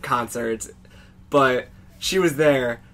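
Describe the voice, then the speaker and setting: Bright, teasing young man. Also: medium pitch, slow. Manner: teasing, playful. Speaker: podcast co-host. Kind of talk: casual chat.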